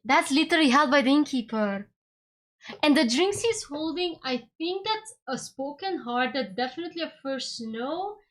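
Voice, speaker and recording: A woman streaming casually to her chat as a VTuber. She talks excitably, jumping to sudden squeals and then dropping to soft mutters. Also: high voice.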